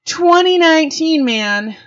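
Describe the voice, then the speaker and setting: A woman in her forties hosting her own podcast, telling stories in a frank, profane, animated way and swinging her voice up high for the reactions she quotes. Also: a little slow, lo-fi sound. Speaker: podcast host. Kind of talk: casual monologue podcast.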